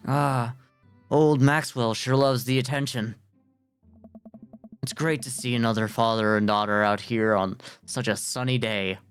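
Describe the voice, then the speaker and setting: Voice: mid-range voice, steady tone, measured pace, clear, resonant tone, faint music behind, close to an everyday voice. A streamer doing a joking dad in a Hawaiian shirt. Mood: teasing. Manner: teasing, joking. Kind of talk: reading game dialogue aloud.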